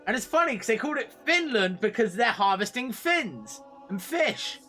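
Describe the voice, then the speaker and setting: A young man streaming a video game, chatting casually and excitably, swearing freely. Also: very high-pitched, normal speed, faint music behind. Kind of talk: casual gameplay commentary.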